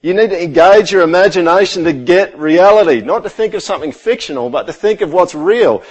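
Middle-aged male pastor, somewhat high-pitched, chatty sermon delivery. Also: a little fast, breathy edge, rough recording. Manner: conversational preaching, rhetorical questions, drops to quiet intensity.

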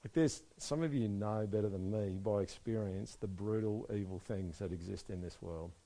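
Aussie preacher guy, lowish mellow voice, goes quiet then gets loud and fired up. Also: moderate pace. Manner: swings from soft and low to loud and emphatic. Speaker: pastor. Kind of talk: sermon.

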